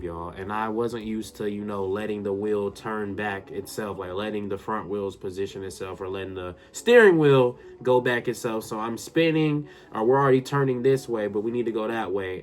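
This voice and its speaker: A man telling a personal story to his viewers in a casual, excitable way, often addressing them directly. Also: lowish voice, slight background noise. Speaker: storytime YouTuber.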